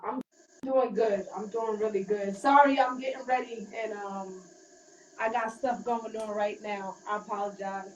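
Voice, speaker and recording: A woman rapper from Queens, New York, chatting casually in an interview with a relaxed, rambling manner and many fillers. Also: mid-range voice, unhurried, lo-fi sound. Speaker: rapper guest. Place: hotel room while getting ready. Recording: roomy, distant, faint background noise.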